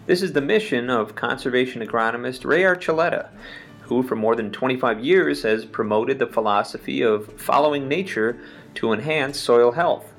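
A man hosting a podcast, reading a measured scripted introduction. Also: mid-range voice, faint music behind. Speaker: podcast host.

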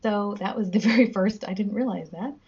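A woman's voice: medium pitch, brisk, a little mellow, husky, dull audio. A woman guest in a casual podcast chat, giggly and self-deprecating as she reads out facts. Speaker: guest, musician.

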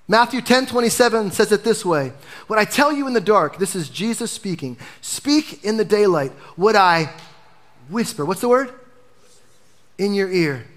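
Animated male pastor preaching a sermon. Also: high voice, normal speed. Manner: animated preaching, dropping to a hush for emphasis.

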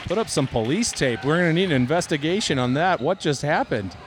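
Lively jokey man calling basketball. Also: fairly high pitch, background noise. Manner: jokey, lively, quick asides. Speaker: play-by-play commentator. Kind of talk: comedic basketball commentary. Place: outdoors at a park court.

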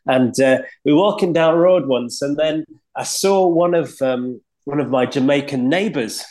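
A clergyman from Leeds with a Yorkshire accent, telling stories from his own life in a relaxed, reflective way with frequent pauses. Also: a little high. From Leeds, England. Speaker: guest, clergyman. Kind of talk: conversational storytelling.

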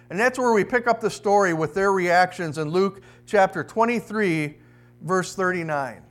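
A man's voice: sits high, normal speed, a bit bright. A man preaching a sermon as a pastor. He tells a story in a conversational way and asks the audience questions.

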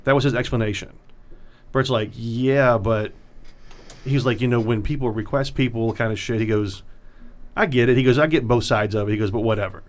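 A man, a comedian, telling a long story in casual chat, profane and animated as he acts out what others said. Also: medium pitch, a little fast.

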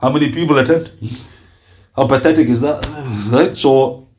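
A man's voice: mid-range voice, steady tone, normal speed, a little mellow, slight background noise. A man teaching an Islamic lesson, emphatic and full of rhetorical questions, dropping Arabic phrases into his English. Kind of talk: religious lecture.

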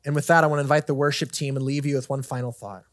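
A man's voice: mid-range voice, flat delivery, very fast, no room sound, studio quality. A man in his thirties preaching a sermon as a pastor, earnest and conversational, telling personal stories. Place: church stage.

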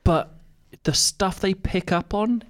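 A man's voice: high voice, slow pace. A man co-hosting a podcast, telling stories with frequent laughter in casual chat. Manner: laughing, animated storytelling. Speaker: podcast co-host.

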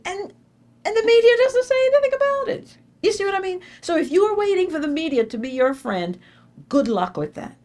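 A middle-aged woman giving an inspirational faith talk to a live audience, telling stories with animated, emphatic repetition. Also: very high-pitched, brisk. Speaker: speaker addressing an audience.

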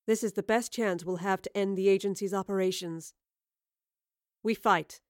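A woman voicing a tall, cool-headed female supreme commander who speaks in a calm, arch, commanding way, in an audiobook. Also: medium pitch, moderate pace, dry recording, studio quality, close to an everyday voice.

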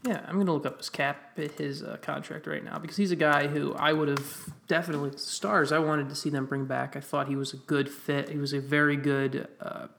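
A man's voice: on the high side, flat delivery, brisk, vocal fry, few pauses, fairly bright tone. A man co-hosting a casual sports podcast, thinking aloud and breaking down players while he looks up stats. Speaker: podcast co-host.

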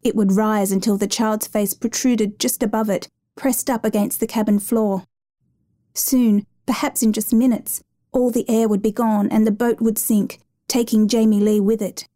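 A woman reading a dramatic true rescue story aloud in a measured, even narration. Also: medium pitch.

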